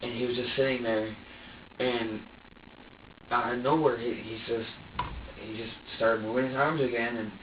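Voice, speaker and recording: A man answers police questions in halting bursts, stumbling and restarting often and acting out what he once said. His voice sits at a middle pitch. The recording is distant, echoey and narrow like a phone line, with faint hiss behind it. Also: fairly even intonation. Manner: halting, stammering, many restarts; acts out his own past words. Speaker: suspect being questioned. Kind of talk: police interrogation. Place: interrogation room.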